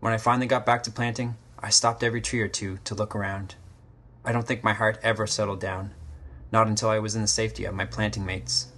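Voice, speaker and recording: Measured, low-voiced male story narrator. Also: level tone, a bit bright. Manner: measured, literary, terse sentences. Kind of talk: scripted dramatic narration.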